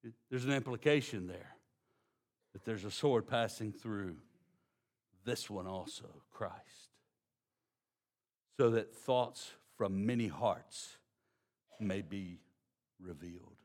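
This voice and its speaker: A man with a Texan accent preaching a sermon, dropping to slow, hushed emphasis and then building into loud, excited storytelling. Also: on the low side. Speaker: pastor.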